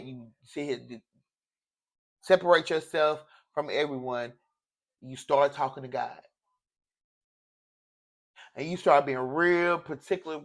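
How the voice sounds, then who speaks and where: A man's voice: mid-range voice, a bit bright. A man giving a casual tarot reading in an emotional, preachy way, often repeating phrases. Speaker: tarot reader.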